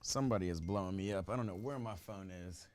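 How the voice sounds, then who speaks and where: A man hosting a live football watch party stream, reacting excitedly and chatting casually to viewers in slang. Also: low voice, quick pace. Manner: excitable, slangy, exclaims at goals.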